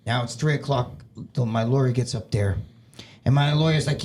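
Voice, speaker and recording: A man's voice: medium pitch, moderate pace. A man guest on a podcast, telling a story casually and with swearing, acting out what other people said. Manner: profane, animated, acts out other people's lines.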